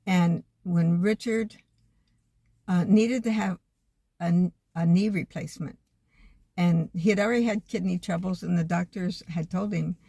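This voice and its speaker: An older woman talking to camera in a homespun, earnest way, gently sharing her faith. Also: on the low side, steady tone, measured pace, gravelly, no room sound. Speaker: vlogger. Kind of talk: casual reflective monologue.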